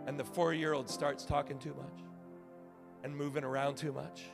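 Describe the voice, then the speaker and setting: A male pastor preaching a sermon, telling stories with big swings from shouting to hushed asides. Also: fairly high pitch, normal speed, gravelly, music in the background. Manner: animated storytelling, swings from shouting to quiet.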